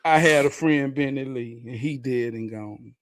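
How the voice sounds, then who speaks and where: A man on a casual talk show recalling an old friend in an earnest, halting way. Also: mid-range voice, no echo, studio quality. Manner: earnest, halting, restarts when telling a story. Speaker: podcast co-host. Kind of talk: casual storytelling.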